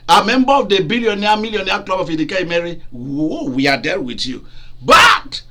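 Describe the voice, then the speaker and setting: A man preaching a lively sermon, acting out cries and quotes and laughing often. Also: high-pitched, fairly quick, heavy background noise. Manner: animated, laughing, acts out cries and dialogue.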